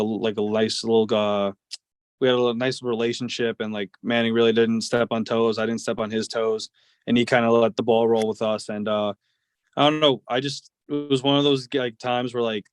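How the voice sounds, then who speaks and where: Young man rambling, flat voice. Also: mid-range voice, clean tone, no room sound. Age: 20s. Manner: rambling, many fillers like "like" and "uh". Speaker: guest, professional baseball player. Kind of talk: casual interview storytelling.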